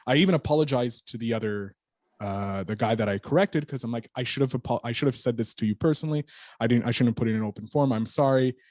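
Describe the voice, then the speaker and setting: Guy guesting on a podcast, rambling animated story, cusses a lot, mid-pitched, dry close mic. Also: fast talker, dry recording. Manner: animated storyteller, swears freely. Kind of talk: casual storytelling interview.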